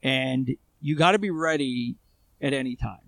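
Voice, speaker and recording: A man with a gravelly, creaky voice tells his story as an interview guest. His talk is loose and conversational, full of fillers and restarts, and he sounds close and dry. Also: medium pitch, moderate pace, fairly bright tone, no room sound. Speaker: guest, armed civilian responder. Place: Israel.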